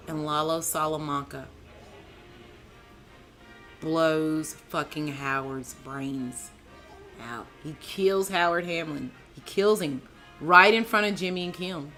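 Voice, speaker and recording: A woman with a low yet bright, forceful voice, talking slowly through a casual TV episode recap. She is excitable and chatty, addressing her co-host and viewers with lots of "like", "man" and "dude". Faint music plays behind her. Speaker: TV show reviewer, channel host.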